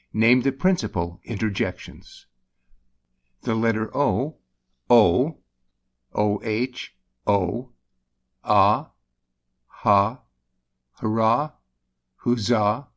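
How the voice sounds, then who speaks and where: Slow, measured male audiobook reader. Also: lowish voice, dull audio. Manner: measured, deliberate, voicing the example exclamations with lift. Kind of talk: reading a grammar book aloud.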